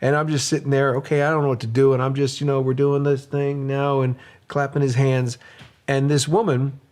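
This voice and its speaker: A middle-aged man co-hosting a casual podcast, telling stories with animated acted-out voices. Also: mid-range voice, a little fast. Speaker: podcast co-host. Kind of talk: casual storytelling chat.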